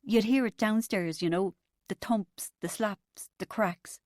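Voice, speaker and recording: A woman's voice: medium pitch, measured pace, darkish tone, dry recording, natural voice. Give me a woman reading an anguished man in denial, sounding dry and close. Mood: pained. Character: distraught abusive man in rehab.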